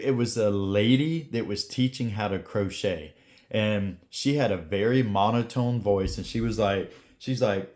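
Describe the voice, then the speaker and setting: Middle-aged man, lowish voice, blunt motivational vlogger, slangy and direct. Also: darkish tone. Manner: blunt, pep-talk delivery with slang. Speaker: YouTube creator giving advice. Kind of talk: casual motivational talk to camera.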